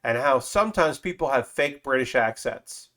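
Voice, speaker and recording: A man's voice: medium pitch, lively intonation, moderate pace, fairly bright tone. Chatty man rambling on a live stream. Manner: rambling, loose and chatty, with frequent fillers and casual swearing. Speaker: streamer building a model kit. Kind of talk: casual live-stream chat.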